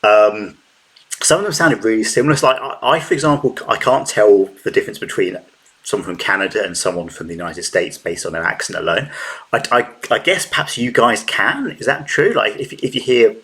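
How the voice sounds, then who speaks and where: A man's voice: fairly low pitch, brisk, a bit bright. An English man hosting a reaction video, talking casually with many hesitant restarts. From England. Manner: hesitant, restarts often, chatty.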